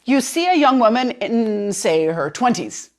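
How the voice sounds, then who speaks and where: A woman teaches a language lesson, speaking clearly and deliberately. She slows right down on the words she wants repeated. Her voice moves up and down a lot as she explains. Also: fairly high pitch, big pitch swings. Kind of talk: instructional narration.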